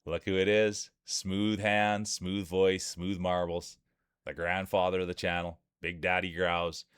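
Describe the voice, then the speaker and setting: A man's voice: low-pitched, flat delivery, unhurried, clear, resonant tone, no echo, studio quality. A man commentating marble races live on stream in a hyped announcer patter, chatting with his viewers between calls. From Canada. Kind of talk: playful sports-style race commentary.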